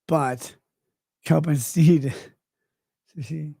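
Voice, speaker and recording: Middle-aged male streamer, drunk and rambling, husky voice, dry close sound. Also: mid-range voice, expressive, a little slow, no echo. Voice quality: gravelly. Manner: slurred, rambling, swings between mumbles and outbursts. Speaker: livestreamer. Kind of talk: rambling livestream chat reading comments.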